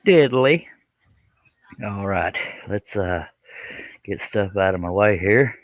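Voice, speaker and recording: A man's voice: low-pitched, level tone, a little slow, dry recording. A man hosting a casual woodworking live stream, joking and bantering in a folksy way.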